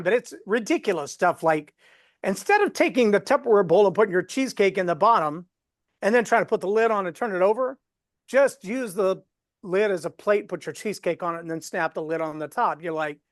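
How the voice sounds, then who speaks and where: A man's voice: high voice, fast, dry recording. Folksy man coaching storytelling, dry sound. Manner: folksy, animated storyteller acting out quotes. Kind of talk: live webinar teaching.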